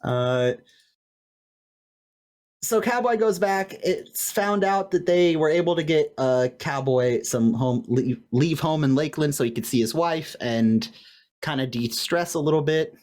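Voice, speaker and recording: A man co-hosting a podcast in casual recap chat, animated and laughing often as he quotes lines. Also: fairly high pitch, unhurried. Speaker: podcast co-host. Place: home room with light fan noise.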